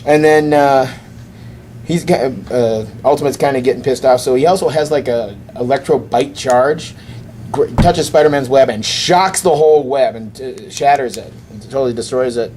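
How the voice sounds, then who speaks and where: A man hosting a podcast, casually retelling a comic story as a lively storyteller. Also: mid-range voice, moderate pace, a little hiss or hum. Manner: lively storyteller who acts out quoted lines. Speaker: podcast host.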